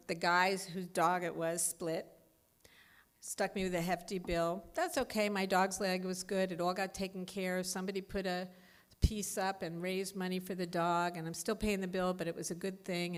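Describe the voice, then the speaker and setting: A woman in her fifties giving a candid, animated personal talk as a speaker at a recovery meeting. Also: on the low side, normal speed. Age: 50s.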